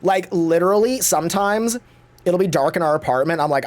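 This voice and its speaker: A man's voice: high voice, lively intonation, brisk. A man chatting casually on his livestream, gossiping and swearing freely and acting out other people's lines in exaggerated voices. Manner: gossipy, profane, acts out quotes in exaggerated voices. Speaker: Twitch streamer.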